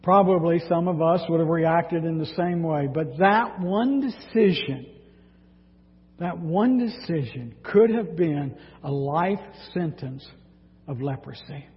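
A man preaching a sermon, reading scripture dramatically and speaking in an animated way. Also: a little high, takes it slowly. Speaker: pastor. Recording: dull sound with long hall reverb.

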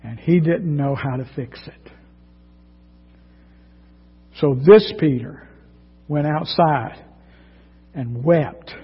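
Husky high-voiced preacher man, slow dramatic sermon, dull recording with big hall echo. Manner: dramatic, swings from loud to hushed. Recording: dull sound with long hall reverb.

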